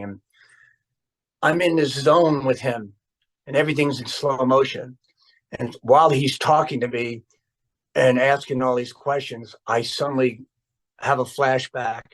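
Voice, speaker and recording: An older man from New Jersey, a stuntman guest telling an excitable anecdote full of exclamations. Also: mid-range voice, poor audio. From New Jersey, USA. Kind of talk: storytelling anecdote.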